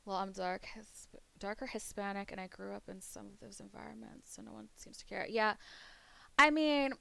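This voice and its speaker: A woman from Pennsylvania streaming, chatting casually with viewers in a rambling way, swearing freely and a bit hoarse from losing her voice. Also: medium pitch, fairly even intonation, moderate pace, a bit bright.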